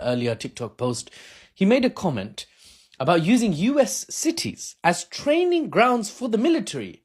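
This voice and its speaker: A man talking into his phone camera, casually explaining politics in an unscripted, self-mocking way with frequent laughs. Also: a little high. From Britain. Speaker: political commentator.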